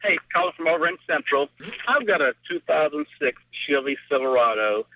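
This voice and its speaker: A man calling in to a car radio show, describing a squeak casually with some hesitation. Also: expressive, fairly quick, no echo. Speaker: caller. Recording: dull phone line.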